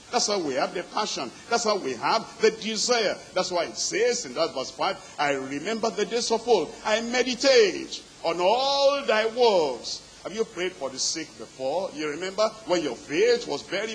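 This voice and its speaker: A preacher with a notably high voice delivers his sermon in rolling, repetitive phrases that build and stack on one another. He presses his congregation with steady exhortation, and a faint hiss sits under the recording. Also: normal speed, hardly any pauses, low-quality recording.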